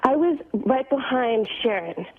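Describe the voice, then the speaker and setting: A woman's voice: sits high, measured pace. Gushing woman caller on phone. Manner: gushing, excited. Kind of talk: phone-in chat. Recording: tinny phone line.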